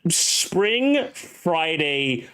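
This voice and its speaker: A young man hosting a casual chat, animated and slangy, swearing freely. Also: fairly high pitch, drawn-out words, clean tone. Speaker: podcast host.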